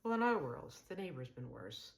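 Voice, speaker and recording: A woman's voice: extremely low pitch, big pitch swings, moderate pace, vocal fry, exaggerated voice. Woman doing a gossipy, theatrical graying man. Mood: dramatic gossip. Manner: dramatic, complaining storyteller.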